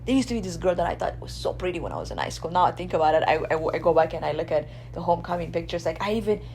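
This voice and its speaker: A woman from Ethiopia, hosting a radio show in a blunt, animated monologue. She swears freely and keeps asking her listeners "right?". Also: fairly low pitch, rapid-fire, a little hiss or hum. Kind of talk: casual opinion monologue.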